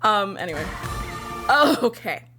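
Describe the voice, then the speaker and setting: With music in the background and a measured pace, a young woman offers casual director's commentary on her own video. Excitable and gushing, she swears often and rises into squealing highs when she gets worked up.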